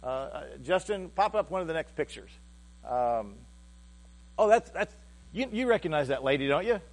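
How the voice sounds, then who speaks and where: A male pastor preaching a sermon in a halting, heartfelt way, often repeating words as he restarts. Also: a little high, lively intonation.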